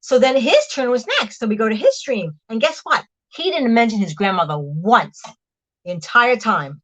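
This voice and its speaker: A woman livestreams from her home kitchen, chatting casually with viewers as she cooks, rambling with plenty of fillers and "hang on"s. Her voice is fairly high and sing-song with a fairly bright tone at a moderate pace. The device mic often catches her from a distance as she drifts between rooms, and the recording quality is low.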